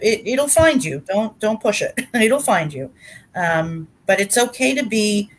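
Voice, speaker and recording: A middle-aged woman speaking earnestly and warmly about caregiving, restarting her sentences often, over a video call. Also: medium pitch, animated, a little slow, slight background noise. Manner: earnest, heartfelt, with frequent restarts. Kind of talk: conversational advice talk.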